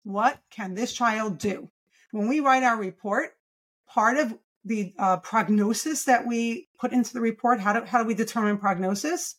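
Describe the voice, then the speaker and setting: Brief: woman, pediatric speech therapist guest, eager and emphatic, voice sits a little high. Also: moderate pace. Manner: enthusiastic, emphatic, explains with rhetorical questions. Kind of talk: podcast interview.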